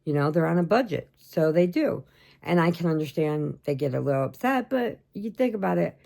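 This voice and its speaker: A woman's voice: fairly low pitch, gravelly, darkish tone. A woman hosting a crochet channel, chatting casually and rambling as she shows off mail she got, laughing often. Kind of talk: casual chat showing happy mail.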